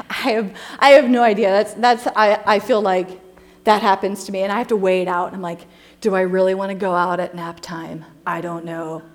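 A woman in her thirties giving a casual, humorous talk with slides, chatty and quick to laugh as she tells stories and acts out quotes. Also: on the high side. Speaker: speaker presenting slides to a group.

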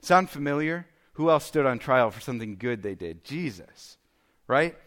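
A man's voice: medium pitch, expressive, moderate pace, a bit bright. A man, preaching a sermon in a conversational, self-deprecating way and checking in with listeners. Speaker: pastor.

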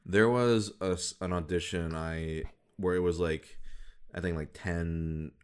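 A man, a voice actor, chatting casually in a relaxed, thoughtful way, hesitating and restarting, with wry laughs. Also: low-pitched, measured pace, smooth. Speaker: voice actor, podcast co-host. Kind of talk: casual chat.

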